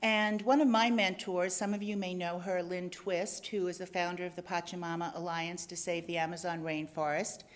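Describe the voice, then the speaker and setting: A woman's voice: fairly low pitch, little pitch movement, moderate pace, hardly any pauses. Woman, middle-aged, guest speaker, upbeat, effusive, lecture venue. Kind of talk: enthusiastic public talk.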